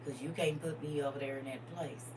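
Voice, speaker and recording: Deep-voiced woman preaching to y'all, folksy, goes quiet then loud, a bit far from the mic with a faint hum. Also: fairly even intonation, a little fast. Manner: folksy, calls listeners baby and honey; swings from hushed to loud and emphatic. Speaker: speaker giving spiritual advice. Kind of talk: casual preaching to listeners.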